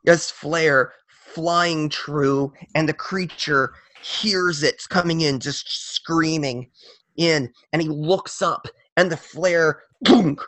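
Male game master, unhurried, vivid narration, dry close mic. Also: a little high, steady tone, a bit bright, no room sound. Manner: slow, vivid descriptive narration.

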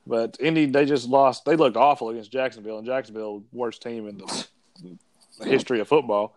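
A man hosting a casual sports chat, running through the games with quick jokes. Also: medium pitch, steady tone, darkish tone, dry recording. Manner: quick, joking, runs the segment.

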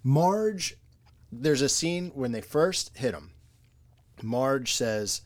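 Man, mid-pitched voice, casual podcast chat, enthusiastic, quotes lines. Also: expressive, very slow, long pauses, dry recording. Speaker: podcast co-host. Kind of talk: casual chat about a cartoon episode.

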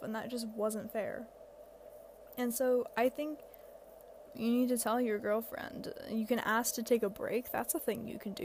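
A seventeen-year-old girl hosts a podcast, rambling through casual advice full of fillers and self-deprecating asides. Her voice is a little high with a darkish tone, and there's a little hiss or hum.

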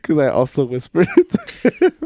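A man's voice: on the high side, measured pace, dry recording. A man co-hosting a casual podcast, with a voice that rises and falls widely as he tells stories. He laughs often. The sound is close and dry. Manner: laughs often, animated storytelling. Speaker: podcast co-host. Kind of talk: casual chat.

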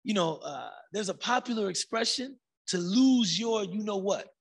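With a high-pitched, gravelly, husky voice, a male religious teacher delivers a casual, conversational sermon. He's animated and colloquial, slowing down for emphasis and breaking into shouted bursts.

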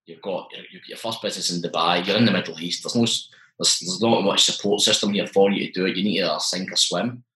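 A young man in his twenties, a guest telling his story in a chatty, animated way and acting out the dialogue. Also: low-pitched, quick pace, roomy sound, rough recording. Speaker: interview guest, business owner. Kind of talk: casual storytelling.

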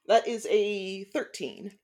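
A tabletop game player with a mid-pitched voice. Replies come out dry and measured. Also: fairly even intonation, noisy background. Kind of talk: casual tabletop play.

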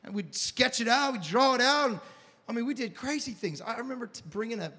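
A man in his thirties preaching a sermon, with a high, animated voice that swings between hushed confession and loud shouting. He stumbles, repeats himself, and restarts lines as the story pulls him along. Long reverb from the church hall trails after every phrase. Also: a little fast. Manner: repeats words and restarts often. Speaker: pastor.

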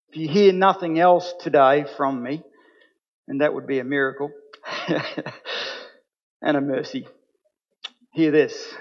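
A man's voice: fairly high pitch, fairly even intonation, unhurried, long pauses. A man preaching a sermon as pastor, earnest and building to emphatic points. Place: church. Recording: dull sound with long hall reverb.

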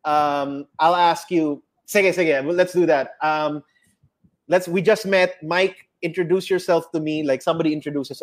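A man's voice: fairly high pitch, steady tone, normal speed. A man with a Filipino accent hosting a casual comedy chat, switching between Tagalog and English and slipping into playful impressions.

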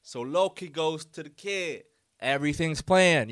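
A man hosts his podcast alone, telling a rambling story in a casual, animated way. His voice is smooth and clear, recorded dry and close with no room sound. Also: a little high, measured pace, dry recording. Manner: animated, loose storytelling full of fillers and quoted voices. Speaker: podcast host.

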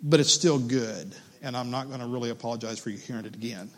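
A man in his fifties preaching a sermon in church, earnest and personal, reading long passages slowly. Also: mid-range voice. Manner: earnest, reads a long list slowly and warmly. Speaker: pastor.

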